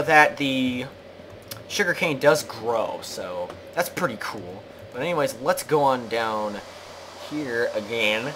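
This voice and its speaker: A man talks through a let's play in a loose, rambling way, cracking jokes and poking fun at himself as he goes. His voice sits at an ordinary middle pitch. A steady hum of noise runs behind him in the recording. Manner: rambling, jokey, self-mocking, talks to himself while playing. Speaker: gaming channel host. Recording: clear background noise.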